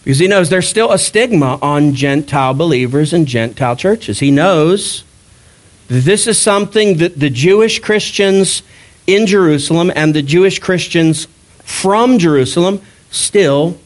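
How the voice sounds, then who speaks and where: Male pastor, slightly high voice, animated and conversational, preaching a sermon. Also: unhurried.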